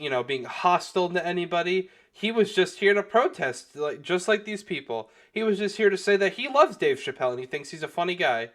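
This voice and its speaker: Rambling young man, fairly high voice. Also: fairly bright tone. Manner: rambling, many "you know" fillers and restarts, swears freely. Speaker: commentary youtuber. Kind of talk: casual video commentary.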